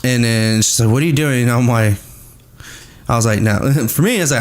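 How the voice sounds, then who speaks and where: Man, podcast guest, casual profane storytelling, mid-pitched voice, acts out dialogue. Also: fairly quick. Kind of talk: casual chat.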